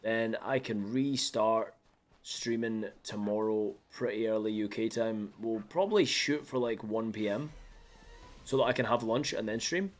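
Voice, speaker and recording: A man's voice: on the low side, measured pace. A young man chatting casually with viewers while streaming a game, playfully mopey and theatrical. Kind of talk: casual live-stream chat.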